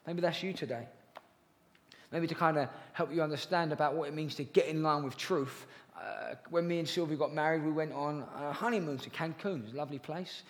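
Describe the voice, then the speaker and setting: Young male preacher, high voice, chatty and earnest, with jokes for the room, in a hall with long reverb. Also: fairly quick. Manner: earnest, chatty, with jokey asides to the congregation. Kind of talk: sermon.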